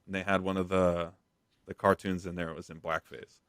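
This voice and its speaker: A man's voice: low-pitched, level tone, a little fast, fairly bright tone, smooth, no echo, clean studio sound. A man co-hosting a casual gaming podcast, rambling with lots of fillers and reading news items aloud. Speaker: podcast co-host.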